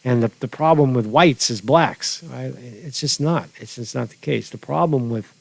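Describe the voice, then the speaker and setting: A New York man hosts a casual news commentary livestream from his home studio, rambling with many restarts and fillers. His mid-range voice has vocal fry and moves at a normal speed, with no room sound.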